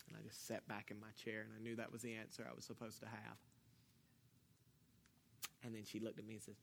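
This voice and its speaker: A man pastor preaching a sermon, telling a personal story with jokes and swinging between hushed and loud delivery. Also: lowish voice, brisk, vocal fry, long pauses. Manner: animated, joking storyteller, swings from quiet to loud.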